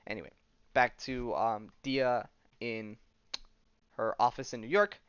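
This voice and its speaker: A man's voice: medium pitch, steady tone, measured pace, a bit bright, clean tone, no room sound, muffled recording. A man casually retelling a comic book story on a podcast, rambling with lots of fillers. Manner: rambling, full of "she's like" and fillers. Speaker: podcast host.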